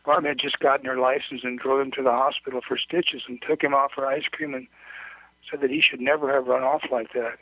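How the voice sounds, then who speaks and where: A man's voice: mid-range voice, flat delivery, dry recording. Man reading a story over a tinny line. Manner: measured, plain reading with occasional slips. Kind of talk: read-aloud short story narration. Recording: dry, tinny phone-like recording.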